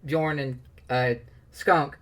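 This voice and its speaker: A man's voice: mid-range voice, steady tone, drawn-out words, fairly bright tone. A man narrating as game master of a tabletop game, rambling with many fillers and laughs.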